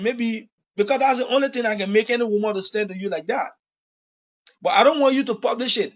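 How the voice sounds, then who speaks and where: Former official, Liberian English accent, unusually high-pitched man, repetitive heartfelt apology, muffled lo-fi recording. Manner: earnest, repetitive, pleading. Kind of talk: public apology statement.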